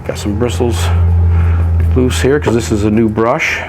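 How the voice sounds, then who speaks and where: Man calmly demonstrating an oil painting technique. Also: mid-range voice, measured pace, background noise. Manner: relaxed, practical, explains while working. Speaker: painting instructor.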